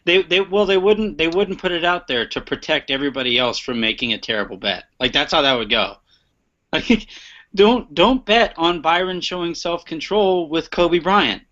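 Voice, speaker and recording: A man's voice: fairly high pitch, lively intonation, normal speed, fairly bright tone. A man hosting a casual sports podcast, joking and laughing often, stumbling over repeated words. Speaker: podcast host. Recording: muffled lo-fi online stream.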